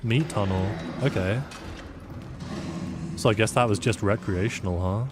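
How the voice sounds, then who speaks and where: A man's voice: on the low side, a little slow, background noise. A man from the UK casually commentating a game as a live streamer, reacting with sudden exclamations and chatting with viewers. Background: game music.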